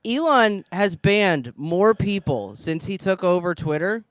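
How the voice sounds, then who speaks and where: A man co-hosting a podcast tells animated stories full of swearing. His voice is high and smooth, recorded dry and close. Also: measured pace, dry recording. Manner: animated storytelling, heavy swearing. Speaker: podcast co-host. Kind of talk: casual profane chat.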